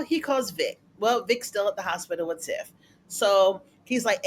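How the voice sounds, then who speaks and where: This is a casual recap host talking through a TV episode in a chatty, everyday way. The voice sits at a middling pitch. The speaker jumps higher to act out what the characters say. A faint hum of room ambience runs underneath. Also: animated, moderate pace. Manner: chatty, colloquial, acts out characters' lines in a raised voice. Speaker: TV recap reviewer.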